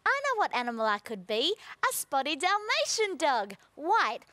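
A woman's voice: high voice, sing-song, moderate pace, no echo. A young woman presenting a children's TV show, singing and talking in a playful, sing-song way with animal noises. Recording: loud children's music backing.

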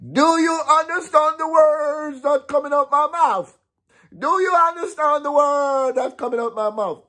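A Jamaican man putting on a very high, squeaky voice as an exasperated, incredulous man doing a comedian impression. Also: measured pace, sharp tone, exaggerated voice. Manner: emphatic, exasperated, mocking.

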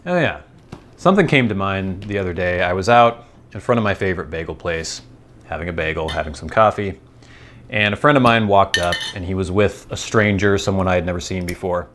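Host, American man, lowish voice, relaxed digressive ramble, faint room hum behind. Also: fairly quick. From United States. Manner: chatty, digressive, amused. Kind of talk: casual rambling monologue.

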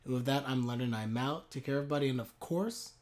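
A man streaming a live anime reaction, talking in an excitable, animated way. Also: medium pitch, quick pace.

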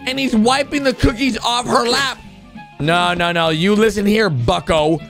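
A young man hosting a reaction video, commenting excitedly on cartoons, shouting and gasping at the surprises and talking straight to his viewers. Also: sits high, a little slow, soft background music.

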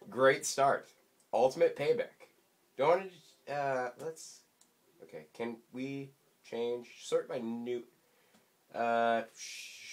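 A young man talks through a video game in loose, unhurried commentary, his pitch leaping up and down as he reacts. He mocks himself and bursts into high yelps, and his voice sounds a little stuffy from allergies. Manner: rambling, self-mocking, sudden excited yelps. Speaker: gaming YouTuber. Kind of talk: let's play commentary.

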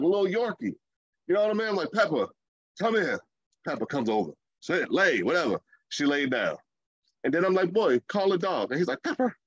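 Animated man preaching a casual sermon. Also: high-pitched, dry recording, dull audio. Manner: animated, conversational preaching with playful asides and acted quotes.

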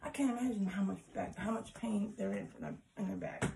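A woman's voice: mid-range voice, sing-song, brisk, creaky, noisy background. A woman doing a casual workout vlog at home, counting squats aloud and cheering her viewers on while out of breath. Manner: encouraging, chatty, counts reps aloud. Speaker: fitness vlogger.

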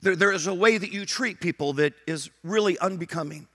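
A man's voice: sits high, a little fast, sharp tone, dry recording, studio quality. A middle-aged man preaching a sermon as pastor, emphatic, repeating his phrases and acting out prayers and dialogue.

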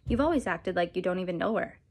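A woman's voice: fairly low pitch, lively intonation, fast. Woman reading as an earnest teenage boy. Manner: soothing, earnest.

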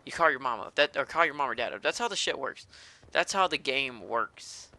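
Ranting, cussing man with a very bright voice. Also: medium pitch, expressive, a little fast. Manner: profane, ranting, fired-up rage. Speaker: gaming commentator. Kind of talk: live gameplay commentary.

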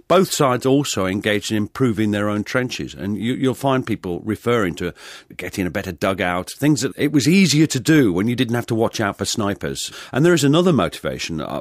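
A man's voice: fairly low pitch, no room sound, studio quality. A man giving explanatory expert commentary in a thoughtful tone. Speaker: historian.

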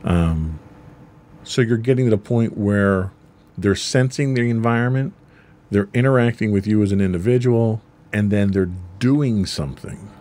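Low-voiced man explaining casually. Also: normal speed, warm tone. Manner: explains with everyday examples, frequent ums. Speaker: podcast co-host.

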